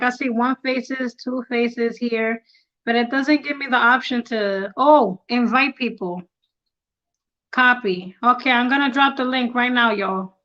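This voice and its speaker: A woman hosting a casual live stream, excitable and quick to laugh, flustered as she works out the tech on her tablet. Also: on the high side, muffled recording. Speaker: livestream host.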